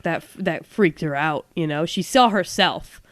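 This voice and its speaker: A woman on a podcast casually describing her character's reaction, pausing with frequent ums. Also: deep voice, dry recording, studio quality. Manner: hesitant, many ums, talking through her character's reaction. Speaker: podcast player.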